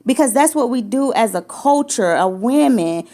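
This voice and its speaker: A woman's voice: fairly high pitch, animated, moderate pace, warm tone. A woman sharing a painful personal story in casual conversation, emotional, restarting her sentences and acting out what others said. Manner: emotional, repetitive restarts, acts out quoted lines. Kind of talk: personal testimony, casual chat.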